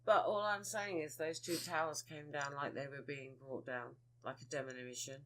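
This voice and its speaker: A woman's voice: deep voice, fairly even intonation, normal speed, low-quality recording. A woman co-hosting a casual podcast chat, giggly and teasing. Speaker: podcast co-host.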